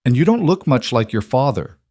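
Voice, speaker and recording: A man voicing a cold, commanding male mafia boss with a deep voice and a faint European accent. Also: very animated, fairly quick, mellow, dry recording, clean studio sound. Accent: faint European trace. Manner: controlled, coldly commanding.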